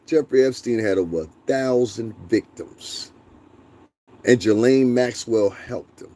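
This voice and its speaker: A man's voice: fairly low pitch, moderate pace, mellow, slight background noise. A young man hosting a casual live stream, talking bluntly and profanely, laughing often and answering his chat. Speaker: livestream host.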